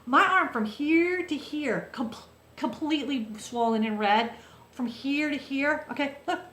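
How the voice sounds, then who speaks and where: An animated woman vlogger tells a story straight to the camera in a chatty, lively way, often checking in with her viewers. Her voice sits fairly high. The room around her is roomy and echoey. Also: measured pace.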